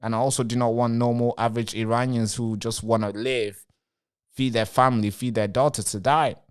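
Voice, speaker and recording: A man's voice: medium pitch, little pitch movement, brisk, smooth. Male live-streamer, rambling commentary straight to viewers, answers chat. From Britain.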